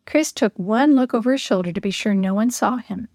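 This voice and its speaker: A woman narrating a children's story in a gentle, clear reading voice. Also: medium pitch, fairly quick, no room sound, studio quality.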